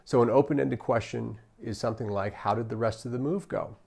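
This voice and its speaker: In a customer service training lecture, a man coaches his audience, often checking in with "right?" and acting out what customers and staff say. His medium-pitched voice is a little mellow with vocal fry, and he talks fairly quickly.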